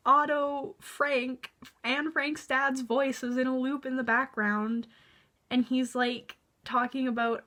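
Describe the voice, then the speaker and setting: A woman's voice: a little high, a bit bright. A young woman in her early twenties giving a chatty, sarcastic book review, exasperated and full of filler words. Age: young adult. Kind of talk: casual vlog review.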